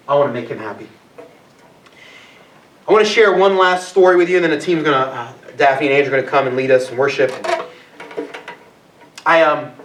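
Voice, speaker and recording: A young man preaches to a young adult group, his voice sitting fairly high for a man. He tells his stories loosely, with plenty of fillers and restarts. The sound is roomy and echoey, picked up from some distance off. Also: fairly bright tone. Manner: conversational storytelling with frequent fillers. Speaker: youth pastor. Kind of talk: sermon. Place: church hall. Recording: echoey hall from far off.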